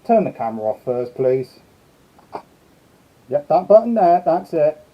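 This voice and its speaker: A man's voice: a little high, very animated, a little slow. A man hosting a casual live stream, chatting and greeting his viewers one by one. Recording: slightly dull lo-fi sound.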